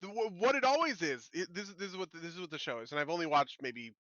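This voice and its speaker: A man co-hosting a casual podcast, talking in loose, rambling runs and laughing as he mimics reality TV. His voice sits a bit high and sounds bright and tense. The recording is dry and slightly dull. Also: animated, fast talker, dry recording. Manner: rambling, laughing, mock-quoting shows. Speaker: podcast co-host. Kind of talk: casual chat.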